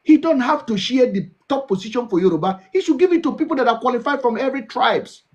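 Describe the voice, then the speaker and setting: Husky Nigerian man lecturing emphatically. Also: extremely high pitch, lively intonation, fast, a little mellow, lo-fi sound. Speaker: host. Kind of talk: heated live discussion.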